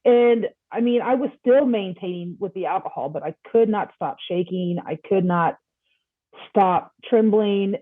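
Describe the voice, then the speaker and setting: A woman guest on a podcast, telling a personal story in a casual, animated way and acting out the dialogue. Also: mid-range voice, measured pace, no echo. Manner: animated, acts out quoted dialogue. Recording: tinny phone-like line.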